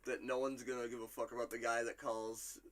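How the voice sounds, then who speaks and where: A man's voice: mid-range voice, little pitch movement, a little fast, noisy background. A man hosting a casual podcast quiz, reading quotes aloud and laughing often. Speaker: quiz host.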